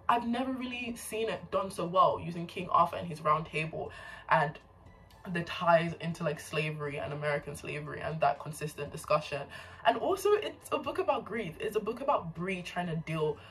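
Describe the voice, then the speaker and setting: A woman's voice: on the low side, normal speed, a bit bright, distant mic, poor audio. Gushing woman vlogger, a bit off-mic. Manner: enthusiastic, gushing. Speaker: book vlogger. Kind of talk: casual chat.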